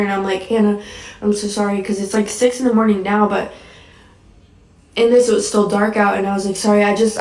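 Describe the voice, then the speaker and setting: A woman's voice: mid-range voice, darkish tone. A shaken woman who has just been crying, recounting a nightmare in a rambling way with many "likes". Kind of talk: casual spoken recounting. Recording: echoey room, mic at a distance.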